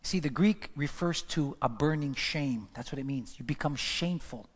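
A man's voice: a little high, normal speed, long reverb tail. A man preaching a sermon, emphatic and repetitive, driving points home to his congregation. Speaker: pastor.

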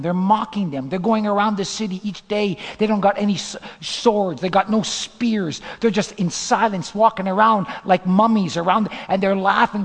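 High pitched pastor guy preaching, goes loud then whispery, big hall reverb. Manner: dramatic storytelling, swings from loud to whispered. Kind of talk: sermon.

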